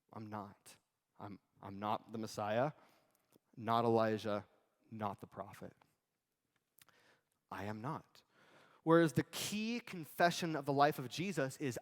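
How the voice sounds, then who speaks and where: A man preaching a sermon, his mid-pitched voice relaxed and conversational as he drifts into casual asides and then back to his point. The sound carries the long reverb of a church sanctuary. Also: a little slow, long pauses. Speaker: pastor.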